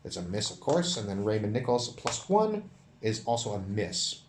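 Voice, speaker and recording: A man running and narrating a solo tabletop game, counting dice rolls out loud in an animated way. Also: fairly low pitch, moderate pace, roomy sound, a little hiss or hum. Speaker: solo game master and player.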